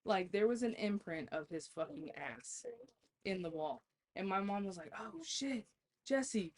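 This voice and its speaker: A woman's voice: medium pitch, normal speed, slight background noise. A woman guest on a podcast, telling stories in a casual chat, laughing often and swearing freely.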